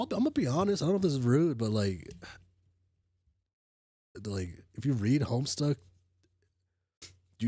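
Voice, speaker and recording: A man's voice: mid-range voice, warm tone, no room sound. A sick man chatting casually while streaming, rambling with restarts and casual swearing. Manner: rambling, full of restarts and fillers. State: sick, coughing. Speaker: streamer reading a webcomic. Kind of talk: casual livestream chat.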